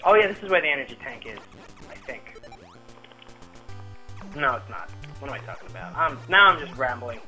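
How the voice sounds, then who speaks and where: A man's voice: mid-range voice, big pitch swings, fairly quick, pauses often, bright, forceful tone, low-quality recording. A young man casually commenting on his own gameplay, rambling and joking at himself. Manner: rambling, self-mocking, jokey asides. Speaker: let's play host. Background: game music.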